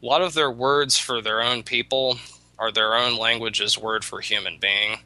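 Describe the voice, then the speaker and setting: A man's voice: mid-range voice, fairly even intonation, moderate pace, sharp tone, no room sound, low-quality recording. A man telling a folk tale in a casual chat, rambling with hesitant restarts. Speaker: storyteller in a chat.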